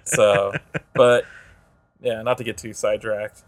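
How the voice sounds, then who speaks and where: Chill young dude cohosting, cusses, laughs, close dry mic. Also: male voice, on the low side, little pitch movement, a little slow, no echo. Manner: laid-back, laughs and swears, drawls some phrases. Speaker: podcast co-host. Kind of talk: casual chat.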